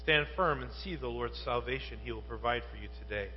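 A male pastor preaching a sermon, moving from quiet Bible reading to loud, rising rhetorical questions. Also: medium pitch, fairly quick. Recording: muffled, with long reverb and mains hum.

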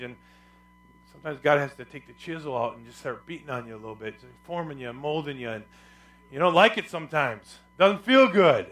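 Animated and a little fast, a middle-aged man preaches as pastor, swinging from soft, low passages to loud ones and urging the congregation to respond.

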